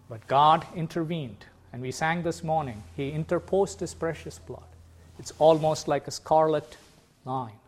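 A man whose voice sits on the high side preaches with earnest emphasis. To underline key words, he deliberately slows down.

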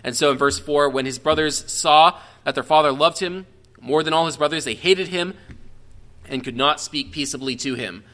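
A man's voice: a little high, moderate pace, fairly bright tone. A man teaching a verse-by-verse Bible study in a conversational, explanatory way, often restarting phrases and checking in with his listeners. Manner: frequent restarts and self-corrections.

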